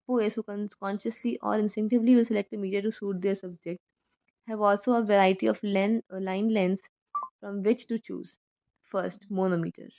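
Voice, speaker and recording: A woman's voice: mid-range voice, steady tone, moderate pace. A woman reading a poetry textbook aloud with care, correcting herself now and then. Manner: careful reading with self-corrections. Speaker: student reader. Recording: dull lo-fi recording.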